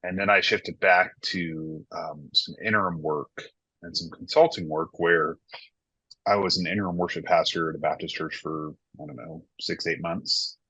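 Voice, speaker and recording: A man's voice: sits low, steady tone, normal speed, sharp tone, breathy edge, no room sound. A man in his thirties, a worship pastor, talking candidly and reflectively in a casual podcast conversation. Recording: dull lo-fi dry sound.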